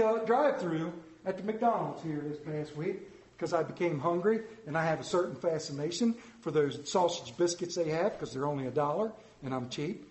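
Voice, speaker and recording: A man preaching a storytelling sermon, animated and playful, acting out voices in his anecdotes. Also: on the high side, normal speed. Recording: echoey room.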